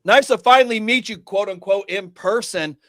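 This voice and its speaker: A man hosting a casual livestream, excitable and swearing as he banters and hypes up guests. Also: sits high, normal speed. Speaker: livestream host.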